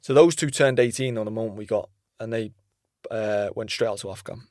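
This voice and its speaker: A man's voice: on the low side, fairly quick, darkish tone, dry recording, clean studio sound. A man from Britain, a serving soldier and army fitness coach, telling stories in a plain, matter-of-fact way with some swearing. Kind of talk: casual chat.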